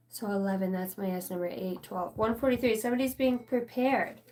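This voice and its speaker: A woman's voice: medium pitch, fairly quick, few pauses, a little mellow, faint music behind. A woman giving a rambling, casual channeled reading, swearing freely and talking straight to her listeners. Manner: rambling, profane, chatty. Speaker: spiritual channeler.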